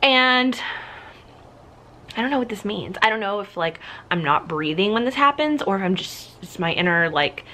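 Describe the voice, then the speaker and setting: A woman's voice: medium pitch, lively intonation, moderate pace, sharp tone, a little hiss or hum. Chatty young woman vlogging at home. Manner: chatty, rambling, many "like"s. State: out of breath. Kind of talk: casual vlog chat. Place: her home, indoors. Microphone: handheld camera.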